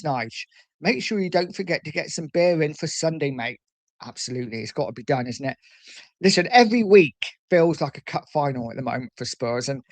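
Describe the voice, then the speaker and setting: A man hosting a casual livestream in a fairly high, easygoing voice. He reads out viewers' comments and answers them, calling everyone mate. The sound is dry and close to the mic. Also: no echo. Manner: chatty, calls viewers mate. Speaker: livestream host reading chat. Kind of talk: casual chat.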